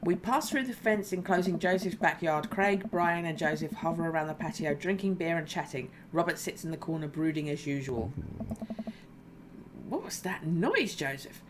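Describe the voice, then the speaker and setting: A woman's voice: low voice, fairly quick, hardly any pauses, background noise. A woman streamer reading a dating game aloud with playful, jokey commentary. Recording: music playing underneath. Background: game music.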